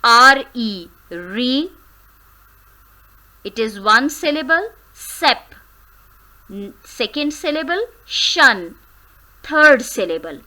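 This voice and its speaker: A woman teaches a grammar lesson, sounding words out carefully syllable by syllable. Her voice is bright and a little high, and she speaks at an unhurried, deliberate pace. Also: sing-song, low-quality recording. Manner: slow, careful syllable-by-syllable drilling; switches briefly into Hindi.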